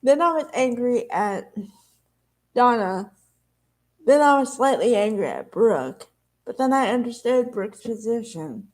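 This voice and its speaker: A woman vlogger speaks to her viewers in a slightly high voice. She takes her time, drawing out words in a slow, unhurried way. Her talk is candid and rambling, like a confession. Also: animated. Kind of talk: emotional casual talk to camera.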